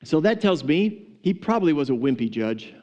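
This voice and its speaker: A man's voice: on the high side, big pitch swings, moderate pace, a little mellow, highs cut off. A pastor preaching a sermon to his church, retelling a parable with humor, laughing often and acting out the characters. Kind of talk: sermon storytelling.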